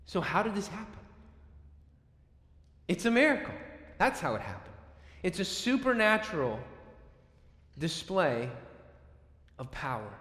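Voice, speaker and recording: A male preacher delivers a storytelling sermon, acting out scenes with bursts of volume and quiet dips. His voice sits a bit high for a man. The recording carries a long, roomy echo from a large hall. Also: very animated, measured pace, long pauses. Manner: dramatic storytelling with sudden loud and soft swings. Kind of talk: expository sermon. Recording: echoey hall with long reverb.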